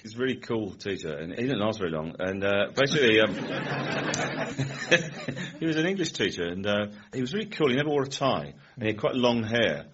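A man guest on a chat show, telling rambling anecdotes with frequent laughter and quick impressions of people. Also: on the low side, lively intonation, a bit bright, highs cut off. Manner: rambling, laughs often, mimics people in stories. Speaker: comedian guest.

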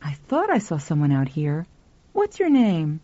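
A woman's voice: low voice, huge pitch swings, a little slow, dark tone, dry recording, heavily acted. Woman doing older spinster, prim, curt, clipped lines, dull lo-fi sound. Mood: stern. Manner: clipped and stern.

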